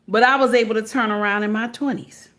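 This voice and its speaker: Woman commentator, casual and preachy, emphatic delivery in a somewhat high register. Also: steady tone, quick pace, a bit bright, slight background noise. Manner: preachy, emphatic, keeps asking "okay?".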